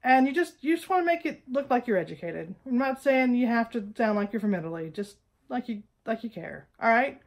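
A woman's voice: a little high, expressive, fairly quick, gravelly. A woman, hosting a weekly music lesson and talking playfully and emphatically, often checking in with "all right?". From United States. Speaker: host of a weekly music tips show. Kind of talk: casual direct-to-camera teaching.

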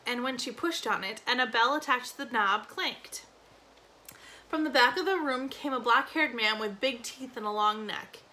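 Bright-voiced woman reading a novel aloud. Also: high-pitched, poor audio. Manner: expressive storybook narration. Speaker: reader.

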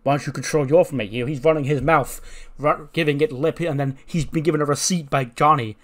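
A man voicing a male wrestler who scolds his partner, in a pleading, halting way. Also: a little high, fairly even intonation, voice pushed up, lightly acted.

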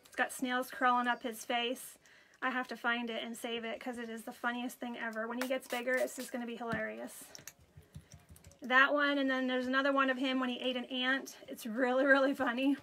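A woman's voice: sits high, a little fast, rough recording. A woman hosting a craft live stream, chatting casually and telling stories to viewers while she works. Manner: chatty, animated storytelling, greets viewers while working.

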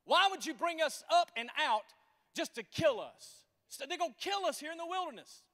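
A man's voice: very high voice, expressive, normal speed, fairly bright tone, in a large hall, pitched above the performer's own voice. A man voicing a frightened, grumbling crowd of former slaves who plead and complain in a whiny tone. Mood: whining.

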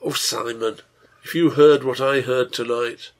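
A man's voice: mid-range voice, steady tone, unhurried, natural voice. A man reading the lines of the innkeeper's wife, grave and reproachful, in a storybook reading. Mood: grieving. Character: stern grown woman, the innkeeper's wife.

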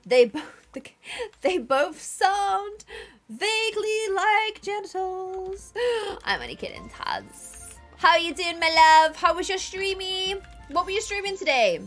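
A woman's voice: extremely high pitch, unhurried, faint music behind. A woman streaming a game live, chatting bubbly with dramatic exclamations and thanking viewers. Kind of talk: live gameplay stream chat.

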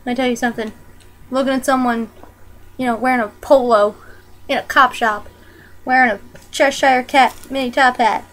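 A woman's voice: high voice, fairly even intonation, normal speed, pauses often, a bit bright, low-quality recording. A young woman chatting casually in a home vlog, bubbly and giggly, with sudden squeals. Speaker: vlogger. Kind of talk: casual chat.

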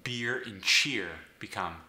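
Bright-voiced coach. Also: male voice, medium pitch, slow, reverberant. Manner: clear step-by-step instruction. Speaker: accent coach. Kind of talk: instructional explanation.

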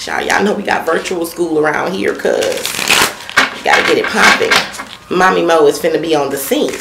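A woman's voice: sits low, animated, moderate pace, gravelly, very noisy. A woman from the Southern US with a Southern accent, giving a casual tarot reading in a brash, profane and comical way, rattling off long lists of words. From Southern United States. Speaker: tarot card reader.

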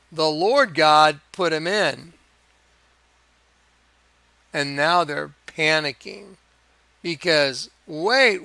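A man giving a rambling religious monologue over images, in an excitable, emphatic manner with chuckles. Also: a little high, dry recording. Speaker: video preacher.

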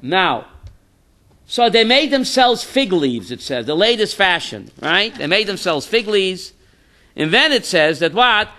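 A male rabbi lecturing a Torah class in a high, bright voice that swings widely in pitch. He keeps firing rhetorical questions at his students and calls on them by name. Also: very animated, unhurried. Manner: quizzes students by name, mixes in Hebrew terms.

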